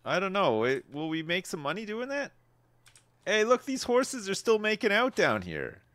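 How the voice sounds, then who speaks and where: A man narrating his life-sim game in a casual, wry way, his pitch leaping high in amusement and dropping to low mutters. The sound is dry and close, with no room around it. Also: wildly swooping pitch, moderate pace, fairly bright tone, no echo. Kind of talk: casual gameplay commentary.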